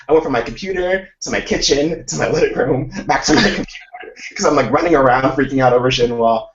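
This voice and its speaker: A man chatting casually on a video call about making reaction videos, excitable and full of "like". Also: mid-range voice, quick pace, slight background noise. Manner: animated storytelling, excitable, lots of "like". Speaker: K-pop reaction YouTuber, live chat host. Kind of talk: casual chat. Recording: echoey, distant, lo-fi call audio.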